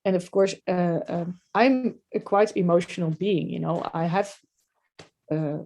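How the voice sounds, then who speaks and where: Low gravelly Dutch-accented woman. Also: a little slow, warm tone. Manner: reflective, hesitant, many fillers. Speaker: guest. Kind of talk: podcast interview.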